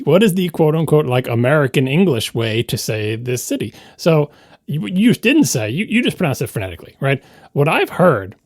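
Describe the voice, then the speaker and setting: Lively explaining podcast man. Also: mid-range voice, no room sound, studio quality. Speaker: podcast co-host. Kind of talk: casual chat.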